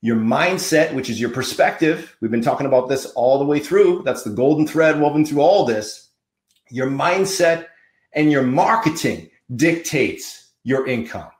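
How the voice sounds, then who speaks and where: A man's voice: medium pitch, expressive, a little slow, reverberant. A man hosting a podcast, giving an emphatic, fired-up motivational monologue with punchy repetition. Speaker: podcast host.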